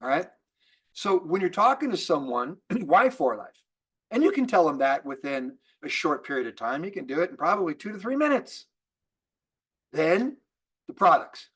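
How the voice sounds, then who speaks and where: A man giving an energetic business training talk to a sales team, asking rhetorical questions and often restarting his sentences. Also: fairly high pitch, normal speed, husky. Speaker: network marketing trainer.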